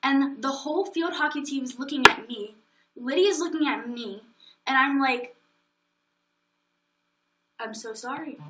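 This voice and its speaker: A woman's voice: sits high, heavy background noise. Chatty young woman telling a story. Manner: chatty, quick, acts out quotes, many fillers. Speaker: livestream host. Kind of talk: casual storytelling on a livestream.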